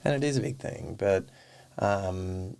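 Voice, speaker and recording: Man, podcast guest; deep with a gravelly fry; casual, animated storytelling. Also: measured pace. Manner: animated storyteller who acts out quoted dialogue. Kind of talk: casual interview chat.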